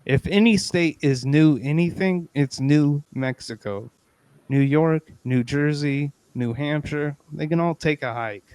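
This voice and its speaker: Guy hosting a goofy podcast, kinda high voice, mock-serious and jokey, dry close mic. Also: measured pace, clean tone, no echo. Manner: playful, mock-earnest, loud bursts of excitement. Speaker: podcast host. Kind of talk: casual comedic chat.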